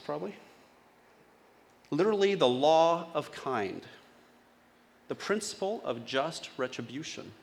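A male pastor giving a sermon in a casual, conversational way, often asking his congregation questions. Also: medium pitch.

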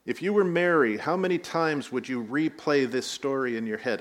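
A man's voice: mid-range voice, moderate pace, hardly any pauses. A man preaching a sermon, telling the story with rising emphasis and light asides. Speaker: pastor.

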